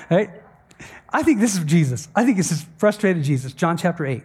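A man's voice: high-pitched, animated, moderate pace, slightly rough. A man preaching a sermon as pastor, talking conversationally, often asking "right?", and briefly acting out the voices he quotes.

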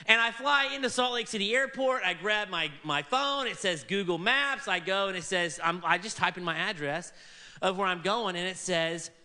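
High, bright-voiced animated male preacher. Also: moderate pace. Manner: animated, acts out quoted people in varied voices. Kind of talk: sermon storytelling.

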